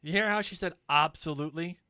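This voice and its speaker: A man co-hosting a podcast, chatting casually and reading listener emails aloud in a playful, animated way. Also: medium pitch, normal speed, dry recording, clean studio sound. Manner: playful, animated, breaks into laughter. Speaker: podcast co-host.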